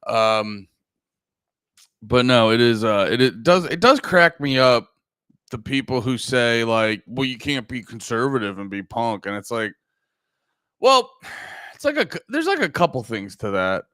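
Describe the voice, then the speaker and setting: A man's voice: mid-range voice, very animated, a little slow, long pauses, fairly bright tone, clear, resonant tone, no room sound, studio quality. A man in his thirties from the United States, hosting a casual livestream chat in a rambling, profane way with lots of fillers. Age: 30s. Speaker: livestream host.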